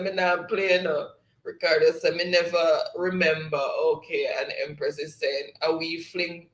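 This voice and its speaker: A man's voice: on the high side, steady tone, moderate pace, reverberant, rough recording. A man with a Jamaican accent hosting a casual live-stream quiz, reading chat messages aloud and laughing often.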